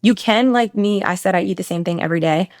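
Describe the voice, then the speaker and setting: A woman in her thirties hosting a casual solo podcast as a nutrition coach, talking fast and bluntly, swearing freely and throwing in animated asides. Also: mid-range voice, no echo, studio quality.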